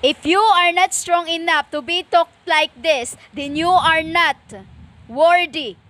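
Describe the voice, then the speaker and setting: A self-styled woman preacher delivers an impassioned spiritual monologue in a very high, sharp voice. She is stern and lecturing, speaking slowly with many pauses and fillers.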